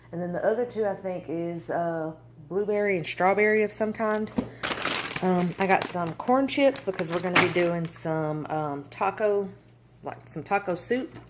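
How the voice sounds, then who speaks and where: A young woman, a mother, chatting casually through a grocery haul vlog, rambling with lots of ums and likes. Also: fairly low pitch. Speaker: family vlogger. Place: home kitchen. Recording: noisy home recording.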